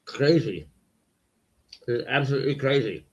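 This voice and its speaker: An older man from hosting a local webcast, talking in a slow, rambling, croaky voice full of fillers. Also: medium pitch, lively intonation, a little mellow. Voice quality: croaky, gravelly voice. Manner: slow, halting, many fillers and repeats. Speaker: local TV host. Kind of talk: rambling casual monologue. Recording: dull lo-fi webcast audio.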